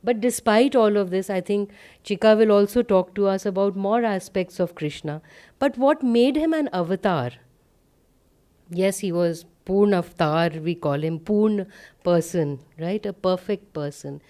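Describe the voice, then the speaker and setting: A woman gives a spiritual talk and tells a story. She speaks conversationally and often pauses with fillers. Her voice is mellow and warm. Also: mid-range voice. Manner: conversational, with frequent fillers and light laughter. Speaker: satsang speaker.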